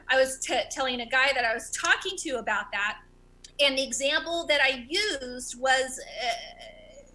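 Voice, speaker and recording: Woman stand-up comic, thirties, high bright voice, open stutter, self-mocking, on a video call. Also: rough recording. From America. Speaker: stand-up comedian.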